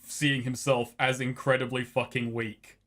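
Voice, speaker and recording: A man's voice: medium pitch, little pitch movement, unhurried, a bit bright. A man casually narrating his character's actions in a tabletop game, loose and hesitant. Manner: loose and hesitant, with many fillers. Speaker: tabletop player.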